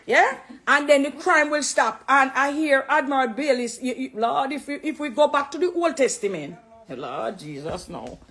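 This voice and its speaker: A middle-aged woman with a Jamaican accent, talking to camera in an animated, preachy, affectionate way, slipping into patois. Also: high-pitched, moderate pace. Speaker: dancehall artist. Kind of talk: casual direct-to-camera talk.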